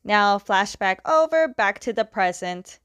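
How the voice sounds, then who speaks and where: A woman chats through a story recap, loose and conversational, constantly slipping into "he's like" quotes. Her voice sits in a middle pitch. The recording is dry and close. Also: animated, a little slow, fairly bright tone, no room sound. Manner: chatty, retells scenes with "he's like" quotes. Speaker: comic recap talker. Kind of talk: casual recap chat.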